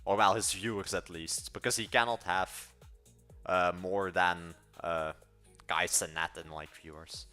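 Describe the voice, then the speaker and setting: A man's voice: low voice, fairly even intonation, unhurried, sharp tone, faint music behind. A young man in his late teens from Belgium, with a mixed European accent, chatting casually on a livestream, rambling, correcting himself mid-sentence and giving blunt opinions. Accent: Belgian, mixed European-sounding. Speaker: livestreaming coder. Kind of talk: casual livestream chat answering viewers.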